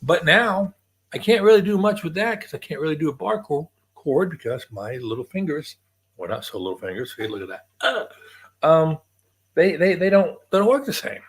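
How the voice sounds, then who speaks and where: A man's voice: a little high, very animated, moderate pace, breathy edge. An older man hosting a casual livestream from home, chatting in a rambling way and greeting viewers by name. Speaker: livestream host.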